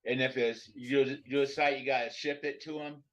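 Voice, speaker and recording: Man, co-host, practical and halting, middle pitch, slightly dull audio. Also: steady tone, a bit bright. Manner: plain, practical advice, halting. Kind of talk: casual live stream chat.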